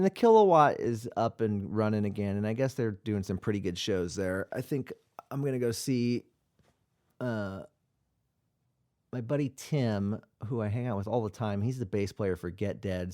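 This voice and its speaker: Male host, tired, rambling and casual, low voice with a lively, swinging delivery. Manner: rambling, many ums and restarts. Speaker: radio podcast host.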